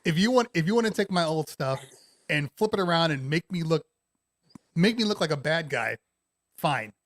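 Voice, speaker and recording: A man's voice: a little high, expressive, dry recording. A man hosting a casual online talk show, chatting and encouraging his guest. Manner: encouraging, quick back-channel replies. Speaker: host. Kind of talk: casual podcast chat.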